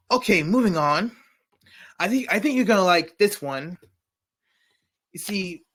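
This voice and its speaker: A man's voice: on the high side, a bit bright. A man hosting a comedy news segment, reading jokes with frequent stumbles and self-corrections. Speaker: comedy show host.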